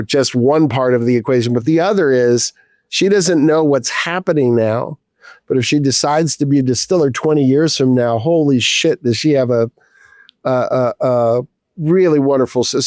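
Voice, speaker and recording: A man's voice: mid-range voice, a little mellow, dry recording, clean studio sound. Rambling middle-aged man telling a story. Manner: rambling, with many restarts and casual swearing. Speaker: distiller guest. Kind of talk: casual storytelling.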